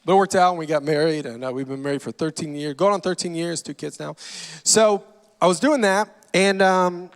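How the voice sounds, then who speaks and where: A man in his forties from Louisiana, a guest comedian telling self-deprecating stories from a church stage with dry punchlines and quick asides. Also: fairly high pitch. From Louisiana, USA. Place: large church auditorium. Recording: long hall reverb.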